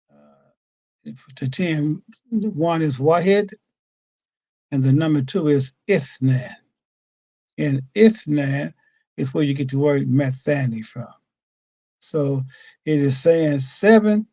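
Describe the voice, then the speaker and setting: A man with a gravelly, mellow voice teaches scripture in a patient, explanatory way, often stopping on fillers as he thinks. He sits at a computer mic, and the sound is dull and lo-fi but dry, with no room around it. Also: a little high, dry recording. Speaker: religious teacher. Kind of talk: weekly scripture study lesson. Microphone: computer mic at a desk.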